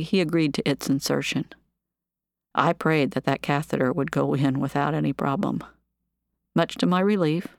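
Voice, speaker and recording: A woman calmly reading her own memoir of work as a nurse, with measured, even storytelling. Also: deep voice, dry recording, studio quality.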